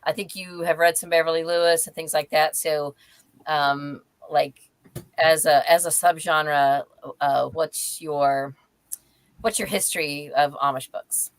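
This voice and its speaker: A woman with a lowish voice hosts a relaxed live book chat over a video call. She talks in a chatty way, filling pauses with ums and laughing easily. The sound is close and dry, with little room around it. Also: no echo. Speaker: host of a live reading chat. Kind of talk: casual chat.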